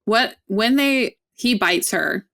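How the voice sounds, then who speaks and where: A woman's voice: fairly high pitch, lively intonation, slow pace, gravelly, fairly bright tone. A woman who is a podcast guest, retelling scenes from a book in a chatty, casual way.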